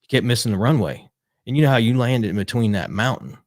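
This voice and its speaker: A man telling a lively story in casual talk, acting out what people said and swearing casually. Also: medium pitch, fast, no echo, studio quality. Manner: animated, acts out quotes, swears casually. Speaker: retired pit crew member, guest.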